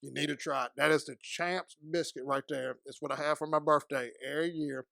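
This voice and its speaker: A man's voice: a little high, steady tone, a little fast, creaky, bright, forceful tone, no room sound, clean studio sound. A man, a guest in a casual interview, telling stories while eating. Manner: chatty storyteller, talks while eating.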